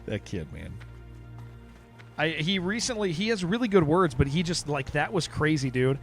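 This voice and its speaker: A man's voice: fairly high pitch, sing-song, moderate pace, soft background music. A man streaming a game who chats casually and rambles, often restarting his sentences. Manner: rambling, restarts sentences, says dude a lot. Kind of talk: casual livestream chat.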